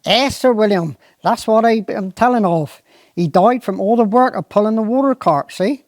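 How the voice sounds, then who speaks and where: A simple old gamekeeper with a broad Cornish accent breaks bad news in a halting, roundabout way, as a storyteller puts him on. His voice sits a little above the teller's own. The recording is dry and close. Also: high-pitched, dry recording, pitched above the performer's own voice, lightly acted. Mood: hesitant. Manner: hesitant, roundabout, drawn-out dialect speech. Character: slow-witted, apologetic old Cornish gamekeeper.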